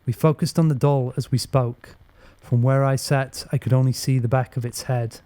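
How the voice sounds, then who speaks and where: A man's voice: mid-range voice, fairly even intonation, normal speed, dark tone, no room sound. Man narrating a horror audiobook. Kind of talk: first-person horror narration.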